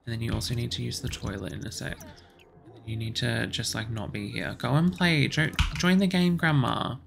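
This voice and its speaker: A woman's voice: rumbling low, normal speed, creaky, soft background music. A woman giving let's play commentary, exasperated and bossing her game characters around as she talks to herself. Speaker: gaming channel host.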